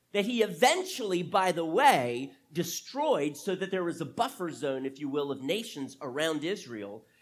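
A man preaches to his congregation in an emphatic, dramatic way, his pitch rising and falling widely. He leans on rhetorical questions and slows down to draw out the words he wants to land. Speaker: pastor. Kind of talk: sermon.

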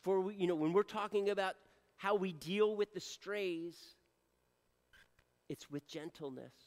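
A man preaching a sermon to his church. He shifts from loud appeals to soft, hushed lines. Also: high voice, a little slow, big-room sound. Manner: earnest preaching, swings from loud appeals to soft near-whispers. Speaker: pastor.

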